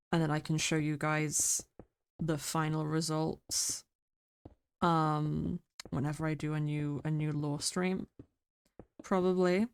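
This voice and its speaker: A sick woman streamer chatting quietly and mumbling close to her microphone. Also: on the low side, smooth, no echo. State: sick, rough throat. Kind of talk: casual stream chat. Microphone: very close to mic.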